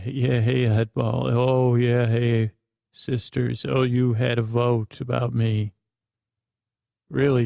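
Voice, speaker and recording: A middle-aged man rambling through an improvised bedtime story, halting and restarting often. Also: mid-range voice, creaky, mellow, dry recording, clean studio sound. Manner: meandering, halting, with many restarts. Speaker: bedtime podcast host.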